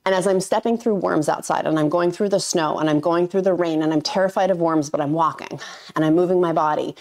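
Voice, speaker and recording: A woman's voice: on the low side, a little mellow. A woman vlogging casually to her camera, chatty and candid, trailing off and restarting her sentences as she goes. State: tearful, getting emotional. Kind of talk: casual vlog talk to camera.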